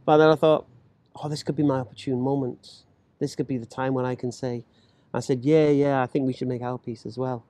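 A man telling a personal story in casual chat, animated and acting out the voices of others. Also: medium pitch, fairly quick, dry recording. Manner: animated, acts out quoted voices, laughs while talking.

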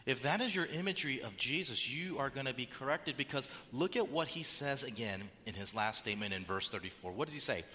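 Male pastor, animated sermon delivery, acts out quotes, tense bright tone. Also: mid-range voice, brisk, hardly any pauses, in a large hall.

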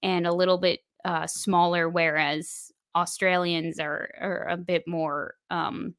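A woman's voice: lowish voice, little pitch movement, slow pace, fairly bright tone, smooth, no room sound, clean studio sound. A woman co-hosting a podcast, chatting casually through an episode recap with plenty of fillers. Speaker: podcast co-host. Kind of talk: casual spoiler recap chat.

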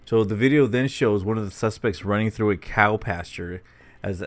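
A man's voice: on the low side, moderate pace. A man co-hosting a podcast, recounting a news story in rambling casual talk with repeated words and chuckles. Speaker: podcast co-host.

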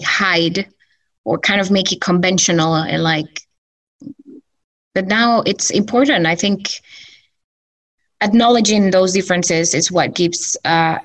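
A woman's voice: on the low side, recorded from a distance, poor audio. A woman whose first language is Spanish, chatting as an interview guest in English, full of fillers. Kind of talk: casual conversational interview.

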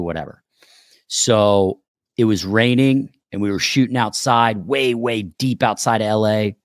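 A man's voice: on the low side, no room sound, clean studio sound. A man, an actor, telling a story in casual chat and acting out the people he quotes. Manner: animated, acts out quoted dialogue. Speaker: actor guest.

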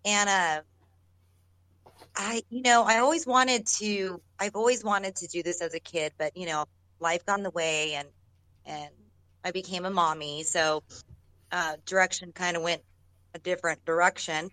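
A woman's voice: lowish voice, steady tone, normal speed, pauses often, bright, forceful tone, dry recording, rough recording. A woman, an actress, telling stories in a casual, rambling way, often restarting sentences and laughing as she talks. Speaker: actress guest. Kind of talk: casual storytelling in an interview.

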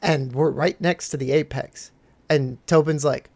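A man telling a story on a podcast, animated and profane, laughing often as he talks. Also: fairly high pitch, unhurried, creaky. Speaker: podcast host. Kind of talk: casual storytelling.

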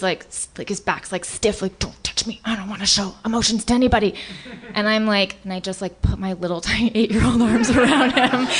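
Woman rambling through a confessional comic story. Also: medium pitch. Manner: rambling, full of "like" and restarts. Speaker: storyteller on a live comedy podcast. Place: live stage show.

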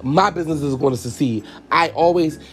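A man's voice: fairly high pitch, fairly quick. A man hosting a podcast, telling a personal story in a candid, profane way, tearful as he talks to his listeners. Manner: candid, profane, repeats himself, addresses listeners as y'all. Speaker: podcast host.

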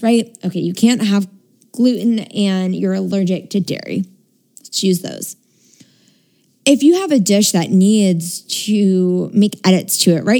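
Mellow-voiced woman chatting about intention. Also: on the low side. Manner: chatty, laughs often, swears casually. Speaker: spiritual coach. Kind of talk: casual monologue on intention setting.

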